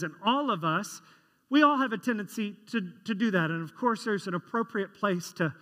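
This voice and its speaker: A man's voice: high-pitched, expressive, normal speed, bright, forceful tone. A man preaching a sermon as a pastor, telling stories in a conversational way and asking the congregation questions. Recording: long reverb of a large hall.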